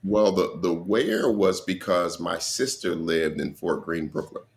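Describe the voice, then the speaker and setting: A middle-aged man from Colorado, a stand-up comedian, telling lively stories as a guest in a casual interview and acting out the lines of the people in them. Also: low voice, unhurried, gravelly. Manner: animated storyteller who acts out other people's lines.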